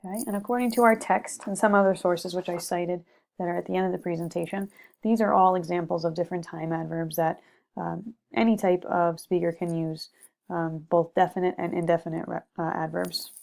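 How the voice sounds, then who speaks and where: Woman with a gravelly low voice, teaching. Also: steady tone, brisk, darkish tone. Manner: methodical, with frequent "okay" and "um". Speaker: teacher presenting a lesson. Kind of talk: recorded slide lecture.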